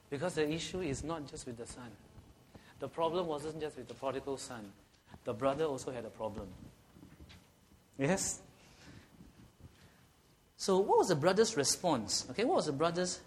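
A man's voice: medium pitch, a little hiss or hum. A man preaching a sermon, often asking rhetorical questions and checking in with "okay?".

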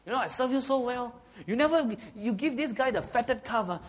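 A man's voice: a little high, lively intonation, normal speed, lightly acted. A man voicing a resentful young elder brother, complaining bitterly to his father. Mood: aggrieved. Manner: whining, complaining protest.

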